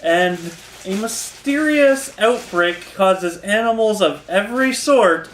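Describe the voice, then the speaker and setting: A man's voice: sits high, animated, slow, fairly bright tone, a little hiss or hum. Man, casual comic review chat, easygoing, chuckles, echoey room. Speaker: podcast co-host. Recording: roomy echo.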